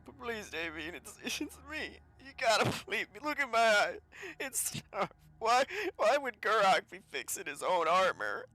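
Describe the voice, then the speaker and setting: A man voicing a gentle, wounded male figure who talks softly and pleads affectionately. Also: high voice, fast talker, few pauses, husky, no room sound, pitched above the performer's own voice. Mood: pleading.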